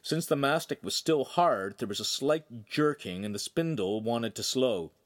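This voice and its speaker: A man narrating an audiobook in an expressive storytelling manner. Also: mid-range voice, unhurried. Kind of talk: scripted narration.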